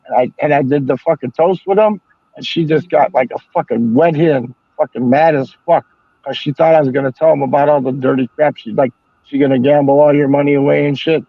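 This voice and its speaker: Older man, stream host, rambling profane storytelling, slightly high voice, dull dry recording. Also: fairly even intonation, a little fast, no echo. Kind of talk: casual chat. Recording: dull lo-fi sound.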